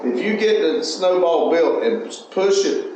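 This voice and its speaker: A man hosting a casual chat about a small garage channel, talking in a rambling way with halting restarts. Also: high voice, noisy background. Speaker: channel host. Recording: very echoey, dull lo-fi room.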